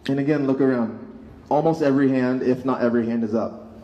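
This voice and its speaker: Calm man guiding a protest crowd. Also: mid-range voice, dull audio. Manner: calm, coaching, measured. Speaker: protest speaker leading the crowd. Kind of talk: guided exercise at a rally. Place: outdoor street protest. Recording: echoey outdoor PA, crowd behind.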